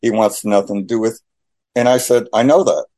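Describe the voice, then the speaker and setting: A man shares his personal faith testimony conversationally, animatedly telling his story and acting out the dialogue. His voice sits on the low side at a normal speed.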